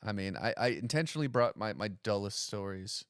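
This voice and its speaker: A man in his thirties tells stories on a podcast with dry, self-mocking humor, slipping into quick impressions of the people in them. His voice sits fairly low but swings widely in pitch. The sound is close and dry, with no room around it. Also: no room sound. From United States. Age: 30s. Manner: animated storyteller who acts out other people's voices. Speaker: stand-up comedian guest. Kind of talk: casual podcast chat.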